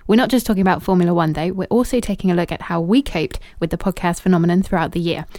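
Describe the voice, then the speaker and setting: Woman podcast host, teasing and lively, recorded very dry. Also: fairly low pitch, fast, no echo. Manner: playful, teasing. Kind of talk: casual chat.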